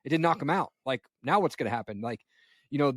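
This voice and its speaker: A man's voice: mid-range voice, lively intonation, fast, dry recording, studio quality. A man in his forties hosting a podcast, talking in a laid-back, reflective way and often saying "man.". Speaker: podcast host. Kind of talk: casual conversation.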